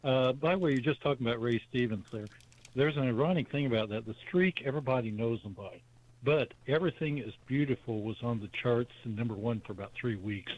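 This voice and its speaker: A man's voice: mid-range voice, a little fast, lo-fi sound. A man in his seventies calling into a radio show, chatty and rambling as he tells a story. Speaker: caller. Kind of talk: call-in radio chat.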